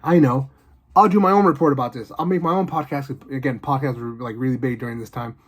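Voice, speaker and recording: A man casually rambling through his own movie ideas, excited and loose with lots of fillers. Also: medium pitch, quick pace. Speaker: video host.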